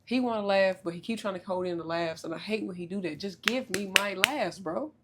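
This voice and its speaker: A young woman hosting a podcast in casual chat, loud, joking and profane, with big swoops in pitch. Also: fairly quick, very noisy. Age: young adult. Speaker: podcast host.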